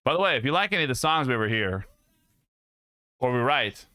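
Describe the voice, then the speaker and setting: A man's voice: medium pitch, very animated, fairly quick, sharp tone, no echo. A young man streaming live, chatting casually with his viewers and joking and laughing a lot.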